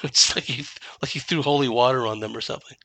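A man's voice: mid-range voice, fairly even intonation, fast talker, pushed and bright, no echo. A man giving a solo commentary monologue, emphatic and dismissive, asking rhetorical questions.

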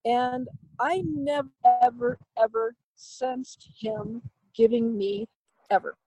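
A woman with a high voice recounts a personal story as an interview guest. She rambles and hesitates, restarting her sentences and poking fun at herself. The recording is close and dry. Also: slow, dark tone, no room sound, poor audio. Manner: candid, self-deprecating.

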